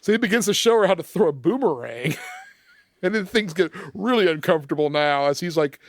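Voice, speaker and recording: A man's voice: on the high side, expressive, fairly quick, no echo. A man recapping a movie scene by scene from his notes in a casual podcast chat, laughing often. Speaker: film discussion podcast member.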